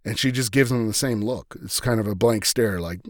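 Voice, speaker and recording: A man's voice: lowish voice, brisk, dry recording, studio quality. A male podcast host casually retelling a TV episode in a rambling, filler-heavy way.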